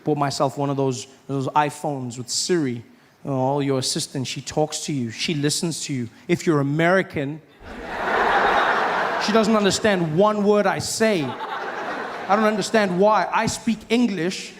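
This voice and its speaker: Guy doing stand-up, kinda high voice, loud crowd laughing in the room. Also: unhurried, background noise. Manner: animated storytelling, acts out other voices. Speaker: stand-up comedian. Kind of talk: stand-up comedy set.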